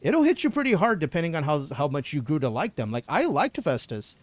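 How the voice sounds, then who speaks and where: A young man talks through a game on a live stream, reading chat and reacting in loose, slangy, profane banter. His voice sits a little high for a man and swings widely in pitch. The sound is dry and close, with no room around it. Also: very animated, a little fast, no echo. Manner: casual, slangy, swears, chats with viewers. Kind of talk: live gameplay commentary.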